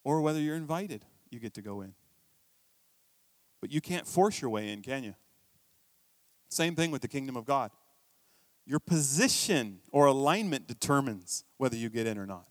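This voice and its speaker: A middle-aged man preaching a sermon as a pastor, telling stories in a conversational way, with quiet asides and sudden emphatic bursts. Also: medium pitch, lively intonation, normal speed, long pauses, no room sound, clean studio sound.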